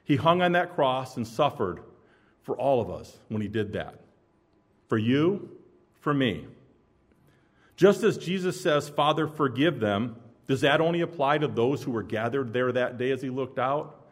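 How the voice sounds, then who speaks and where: A man preaching a sermon, dramatic, swinging between loud emphasis and hushed intensity. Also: mid-range voice, expressive, a little slow.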